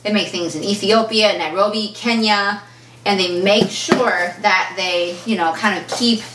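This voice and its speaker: A chatty woman fashion vlogger talks through an unboxing at home, lively and storytelling. She sits a little back from the mic in a roomy space, with faint clatter of dishes behind her. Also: medium pitch, unhurried, recorded from a distance, noisy background. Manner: chatty, animated storyteller who acts out quoted exchanges. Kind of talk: casual unboxing chat.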